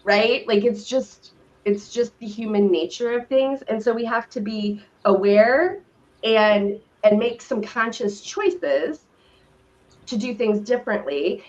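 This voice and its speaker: A middle-aged woman co-hosting a live stream talk show, speaking in a slow, reflective and affirming way. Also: fairly high pitch, darkish tone. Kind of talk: casual conversational chat. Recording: dull lo-fi stream audio.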